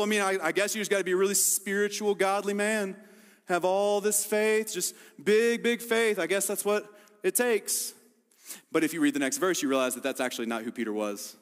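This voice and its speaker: A man preaching a sermon as a pastor, telling a story with lively voices for the people in it. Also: on the high side, in a large hall. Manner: animated storytelling, acting out quoted voices.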